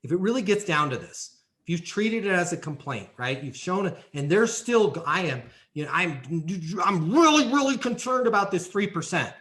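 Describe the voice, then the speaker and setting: A man's voice: high voice, big pitch swings, normal speed, fairly bright tone. A man as a podcast guest, coaching on leasing sales in an emphatic, hands-on way. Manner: emphatic, coaching, acts out role-play examples. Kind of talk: podcast interview, teaching sales steps.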